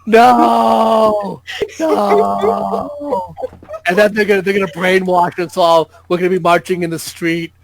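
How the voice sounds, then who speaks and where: A man's voice: high-pitched, level tone, fast talker, few pauses, a crowd in the background, poor audio. A man guest on a gaming podcast, explaining things in a chatty, jokey way. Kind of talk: casual gaming podcast chat.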